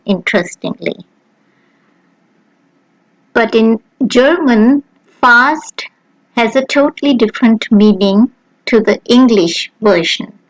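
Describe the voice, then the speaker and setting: A woman narrating a beginner language lesson, pronouncing each sound slowly and carefully. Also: a little high, no echo, poor audio. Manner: slow, careful, clearly spelled-out pronunciation. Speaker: language teacher. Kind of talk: slow scripted lesson narration.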